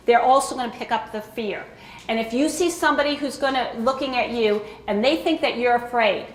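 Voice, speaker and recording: High-voiced woman lecturing, echoey room. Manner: conversational, checks in with frequent "okay?". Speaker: presenter at a caregiver education talk. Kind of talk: informal lecture to an audience. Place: room with an audience.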